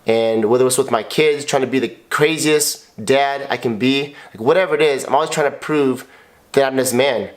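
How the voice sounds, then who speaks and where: On a couple's podcast, a husband and co-host with an ordinary-pitched voice tells his story at a moderate pace. He's raw and confessional, emotional and blunt, swearing often and repeating himself.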